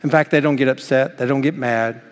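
A man's voice: mid-range voice, fairly even intonation, brisk. Pastor man preaching in a reverberant hall. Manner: earnest preaching, explains scripture. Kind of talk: sermon.

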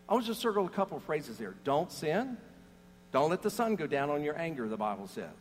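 A man's voice: a little high, brisk. Guy pastor preaching, bouncy up-and-down voice, jokey stories, big hall echo, faint hum. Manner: animated storytelling with jokes and scripture readings. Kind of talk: sermon.

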